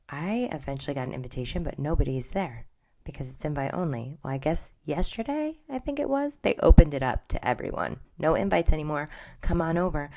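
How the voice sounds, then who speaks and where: Here a middle-aged woman hosts a podcast, with low, warm vocals. Her pop culture talk is casual and gossipy, broken up by frequent whispered asides.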